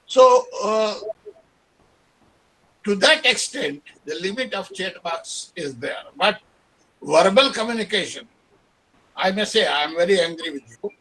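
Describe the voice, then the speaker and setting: A man, a professor, answering a question on a webinar video call with deliberate, emphatic lecturing and spoken examples. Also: high voice, animated, bright, forceful tone, low-quality recording. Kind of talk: webinar discussion.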